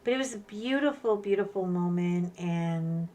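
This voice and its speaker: A woman in her fifties hosting a craft channel. She chats candidly while she works, and her talk grows animated and emotional as she tells a story. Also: lowish voice, moderate pace, hardly any pauses. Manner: chatty and candid, animated retellings with rising emotion. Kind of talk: casual chat while crafting.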